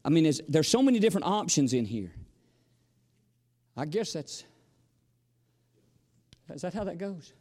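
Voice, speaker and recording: A man's voice: fairly high pitch, sing-song, a little slow, long pauses, darkish tone, long reverb tail. A man preaching a sermon, folksy and storytelling, sometimes exclamatory and sometimes chatty. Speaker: visiting preacher.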